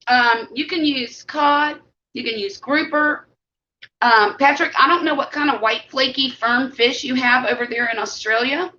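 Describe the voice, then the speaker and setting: Eating as she talks, a middle-aged Southern woman from the Mississippi Gulf Coast hosts a casual live stream, chatty and homey with her viewers. Her voice sits on the high side and is a bit bright, and the stream audio is dull and lo-fi.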